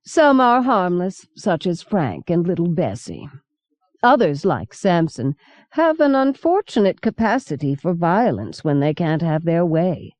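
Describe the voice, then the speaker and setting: A woman narrator voicing an eerie, chatty old woman who tells dark stories matter-of-factly. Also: fairly low pitch, big pitch swings, measured pace, no echo. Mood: calm, knowing. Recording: dull lo-fi cassette recording.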